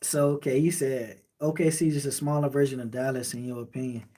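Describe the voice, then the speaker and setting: A man's voice: mid-range voice, fairly even intonation, quick pace, mellow. A man with a Miami accent, casually chatting on a late-night livestream and answering viewer comments in a laid-back, rambling way. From Miami, Florida. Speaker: livestream host reading chat.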